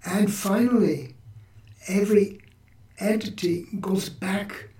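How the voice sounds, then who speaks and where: A man hosting a spiritual podcast, talking through teachings in a relaxed, reflective way with frequent restarts. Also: high voice, slow, distant mic. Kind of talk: spiritual talk. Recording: echoey room, voice from off-mic.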